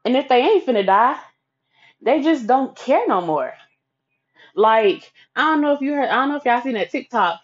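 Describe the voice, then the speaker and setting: A woman's voice: on the high side, lively intonation, normal speed, dull audio. Profane, candid woman telling a story. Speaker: vlogger telling a personal story. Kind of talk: casual storytime monologue.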